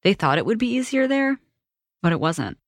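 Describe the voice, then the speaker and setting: A woman reporter narrating a documentary story in a measured, wry storytelling voice. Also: mid-range voice, sing-song, no room sound, studio quality.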